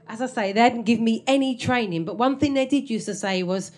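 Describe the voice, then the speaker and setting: A woman's voice: fairly high pitch, normal speed, a little mellow. A woman telling a comic story from her own life on stage, wry and self-mocking, often laughing through her lines.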